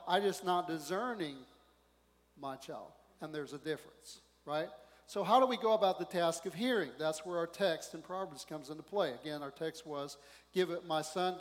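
A male pastor preaching a sermon in a conversational, animated way, often asking the congregation questions. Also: on the high side, normal speed. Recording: long hall reverb.

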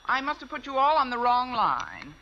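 A woman's voice: high voice, very animated, normal speed. A wisecracking woman teacher. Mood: wry. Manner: dry, wisecracking. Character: wisecracking, sarcastic woman schoolteacher. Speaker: English teacher. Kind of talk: 1950s radio sitcom acting. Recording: dull old radio broadcast, loud hiss.

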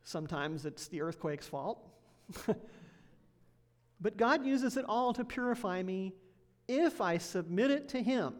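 A woman's voice: fairly low pitch, lively intonation, unhurried. Woman preaching a chatty sermon. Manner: conversational, laughs often, asks congregation questions. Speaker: associate pastor.

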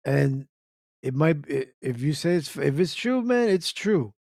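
On the high side and darkish in tone, the host's voice swings widely in pitch at a measured pace, recorded dry and studio-clean. He's running an internet radio show, ranting casually and repetitively to chat while firing off rhetorical questions.

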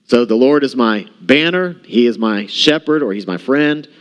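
A man's voice: medium pitch, expressive, normal speed, clear, resonant tone, highs cut off. A man preaching a sermon in a church, talking conversationally and often checking in with the congregation. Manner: conversational, asks the room questions. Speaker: pastor.

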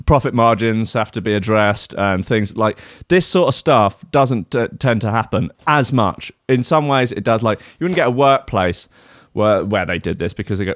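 A man's voice: on the low side, expressive, normal speed, dry recording. Man hosting a show, sardonic, rambling, swearing, dry booth sound. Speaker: radio show host. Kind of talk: casual chat between music tracks.

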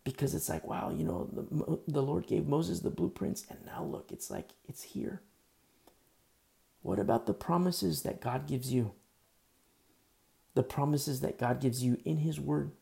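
A man's voice: a little high, measured pace, gravelly, pauses often, mellow. A man preaching a sermon in a conversational, folksy way, with asides and quoted lines. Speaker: pastor.

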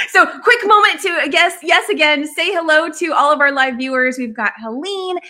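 Woman host on a live stream, upbeat, bright crisp voice, pretty high. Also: moderate pace. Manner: upbeat, encouraging, greets viewers. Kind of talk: casual live-stream interview.

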